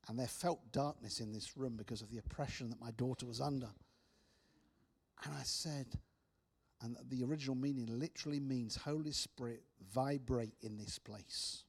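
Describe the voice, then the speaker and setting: A man preaching, telling personal stories with restarts and soft, hushed drops. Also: mid-range voice, fairly even intonation, fairly quick, creaky, slightly rough. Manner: storytelling with repeated restarts, soft dramatic drops. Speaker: speaker. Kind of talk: preaching testimony.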